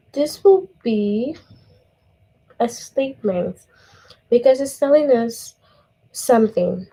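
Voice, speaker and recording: Slow, patient woman teaching grammar. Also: a little high, dark tone. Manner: slow and patient, checks in with "okay?". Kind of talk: online grammar lesson for young children.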